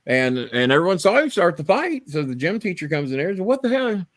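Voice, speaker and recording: A man's voice: a little high, fast, no room sound. Cussing man telling stories. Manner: profane, rambling, animated storyteller. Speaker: podcast host. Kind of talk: casual storytelling on a live stream.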